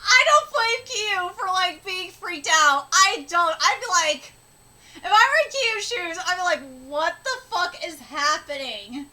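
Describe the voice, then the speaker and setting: Woman reaction streamer, very high and bright voice, excitable and foul-mouthed, jumps all over in pitch. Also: unhurried. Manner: excitable, swears and laughs often. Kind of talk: live reaction commentary.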